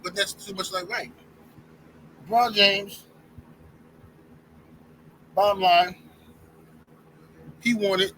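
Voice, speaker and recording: Fired-up high-voiced man ranting sports. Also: pushed and bright, a little hiss or hum, low-quality recording. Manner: heated, addresses viewers directly as y'all. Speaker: sports commentary YouTuber. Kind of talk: opinionated sports rant to camera.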